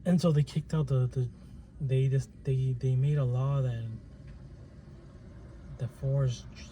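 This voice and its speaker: Dark-voiced man rambling hesitantly. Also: mid-range voice, steady tone, measured pace. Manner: hesitant, many restarts and fillers. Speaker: channel host. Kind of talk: casual rambling monologue. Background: faint plane and traffic noise.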